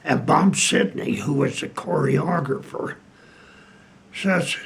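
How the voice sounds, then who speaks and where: An older man, a retired piano player, telling old stories slowly with many pauses and fillers. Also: on the high side, creaky. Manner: slow, halting storytelling with many fillers. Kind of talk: casual anecdote.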